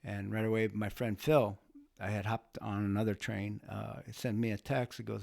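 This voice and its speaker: A man's voice: fairly low pitch, flat delivery, moderate pace, gravelly, darkish tone, no echo, studio quality. A man telling a personal story as a guest, speaking casually with restarts and rising emotion. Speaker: guest, bystander who helped.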